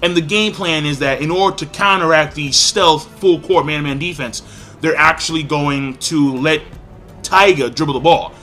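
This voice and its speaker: A man giving a casual, excitable spoken review, acting out characters' lines with big jumps in pitch. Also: moderate pace, soft background music. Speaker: anime reviewer.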